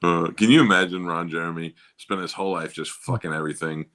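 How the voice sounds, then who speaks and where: Man, very low voice, bright edge, crude blunt podcast banter. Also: fast. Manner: crude, blunt storyteller acting out phone calls. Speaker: comedy podcast co-host. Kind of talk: casual comedic chat.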